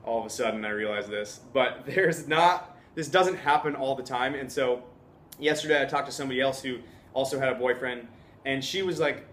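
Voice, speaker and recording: A man's voice: mid-range voice, moderate pace, a bit bright, a little hiss or hum. A young man vlogging casually, upbeat and chatty, laughing often and acting out what other people said. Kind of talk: casual vlog talk. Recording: echoey room, faint ambience.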